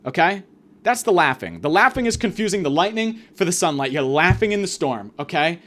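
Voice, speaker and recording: A man's voice: high-pitched, animated, a little fast, fairly bright tone. A man hosting a podcast, delivering a rambling, profane, exasperated comedic rant. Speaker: podcast host.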